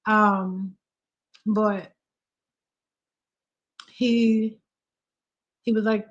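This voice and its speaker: A soft-spoken woman hosting a live stream, chatting casually and close to tears. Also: fairly low pitch, little pitch movement, unhurried, dull audio. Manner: emotional, on the verge of tears.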